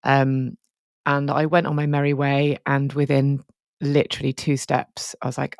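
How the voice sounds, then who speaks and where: A woman's voice: rumbling low, flat delivery, normal speed, creaky, no echo, clean studio sound. A woman co-hosting a podcast, telling a candid, sweary, emotional story in casual chat. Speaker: podcast co-host.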